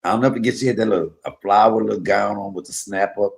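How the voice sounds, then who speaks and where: A middle-aged man hosting a casual chat, telling profane, animated stories. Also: fairly low pitch, fast, creaky. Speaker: host.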